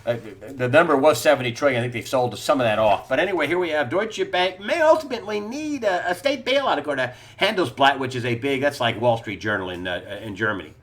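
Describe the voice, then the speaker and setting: A man's voice: medium pitch, animated, quick pace, hardly any pauses, fairly bright tone. A middle-aged man hosting a solo news commentary, talking in an incredulous, sarcastic way and laughing scornfully at the stories he reads.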